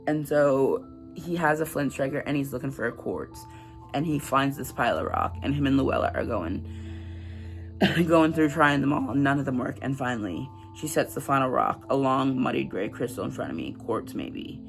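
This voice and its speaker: A man's voice: medium pitch, vocal fry, fairly bright tone. A man casually recapping a novel for a book vlog, reading passages aloud and chatting with lots of fillers. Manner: chatty, filler-heavy, laughs at grim scenes. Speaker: book vlogger.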